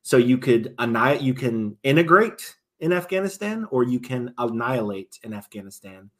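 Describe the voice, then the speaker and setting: A man's voice: mid-range voice, animated, moderate pace. A man, a military veteran, talking casually as a podcast guest, often restarting his sentences and swinging between emphatic and trailing-off delivery.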